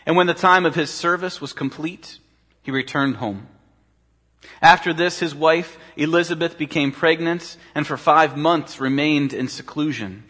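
A man's voice: fairly high pitch, a little slow, fairly bright tone. A man preaching a sermon as pastor, talking conversationally and asking his listeners rhetorical questions. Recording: long hall reverb.

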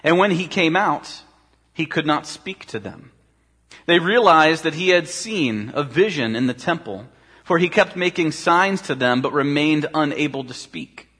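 A man's voice: a little high, expressive, a little slow, fairly bright tone, breathy edge. A man preaching a sermon as pastor, talking conversationally and asking his listeners rhetorical questions. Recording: long hall reverb.

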